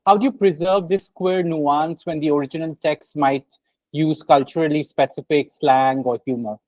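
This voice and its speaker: A man with a fairly high voice hosts an interview and asks hesitant questions full of filler words. The audio is dull, lo-fi and dry. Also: steady tone, moderate pace, dry recording. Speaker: interviewer, host.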